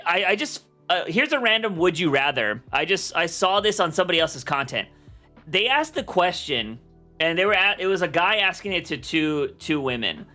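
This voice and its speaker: A man's voice: sits high, big pitch swings, moderate pace, bright, forceful tone, soft background music. A young man chatting casually on a livestream, rambling with lots of fillers and restarts. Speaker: streamer.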